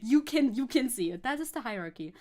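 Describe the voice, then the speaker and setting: A woman's voice: fairly high pitch, animated, brisk, mellow. A young woman streamer chatting casually and rambling while she paints, swearing now and then. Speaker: VTuber streamer.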